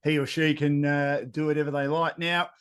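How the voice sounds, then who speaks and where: Woman hosting an interview, brisk and affirming. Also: sits low, flat delivery, smooth. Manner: short affirming interjections, polished wrap-ups. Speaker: interview host. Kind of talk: podcast interview.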